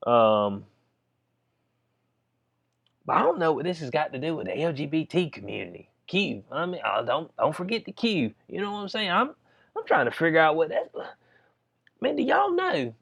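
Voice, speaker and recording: A man's voice: fairly high pitch, very animated, moderate pace, gravelly, a bit bright. A man with a Southern US accent talking loosely over a news story, reading bits aloud and peppering his talk with "you know what I'm saying.". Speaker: vlogger commenting on news.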